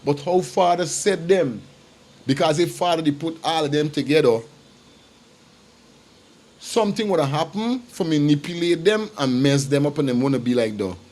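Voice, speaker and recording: A man's voice: fairly high pitch, moderate pace, a little mellow. Emphatic man hosting a livestream. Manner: emphatic and repetitive, talks straight to viewers. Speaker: livestream host. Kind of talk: casual commentary.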